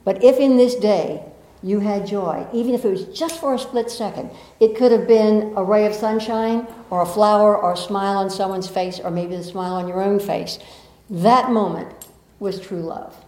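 A woman's voice: medium pitch, fairly even intonation, normal speed, warm tone. A middle-aged woman with a Southern American accent, a spiritual teacher giving an earnest, reflective talk to an audience with playful asides. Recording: echoey room.

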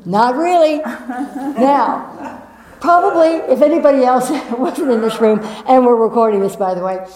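Woman, spiritual teacher, fairly high voice, emphatic, repeats herself, echoey meeting room. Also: unhurried, a little mellow. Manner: emphatic, repeats phrases, playful asides. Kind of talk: spiritual talk to a live audience. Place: room with a live audience. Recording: roomy echo of a meeting room.

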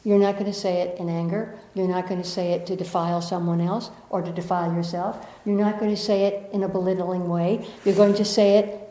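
A woman, leading a group workshop in a room and moving from playful asides to slow, soothing guidance. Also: lowish voice, little pitch movement, dark tone. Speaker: workshop facilitator. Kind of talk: guided group workshop talk. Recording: echoey room.

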